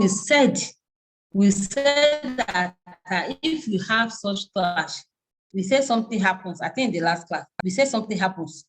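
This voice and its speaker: A woman with a Nigerian English accent giving a live online university lecture, reading out terms haltingly with frequent restarts and fillers. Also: medium pitch, low-quality recording.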